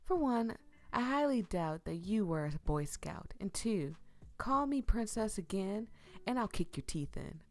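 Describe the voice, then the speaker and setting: A woman reading the lines of a tough, sharp-tongued young country girl in a story game. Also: medium pitch, very animated, measured pace, voice pushed up. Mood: blunt.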